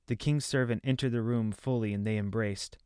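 A man's voice: fairly low pitch, steady tone, a little fast, a little mellow, clear, resonant tone, dry recording, studio quality. Man narrating a fantasy story. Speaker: audiobook narrator.

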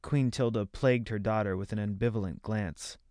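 A man reading a fantasy novel aloud as narrator, in measured storytelling. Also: lowish voice, steady tone, a little mellow, no room sound, studio quality. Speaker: audiobook narrator.

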